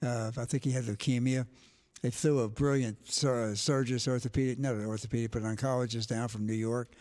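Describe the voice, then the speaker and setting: A man's voice: mid-range voice, fairly even intonation, brisk, darkish tone. An older man, a retired sports director and guest, telling stories in a blunt, emphatic, outspoken way. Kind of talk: casual storytelling.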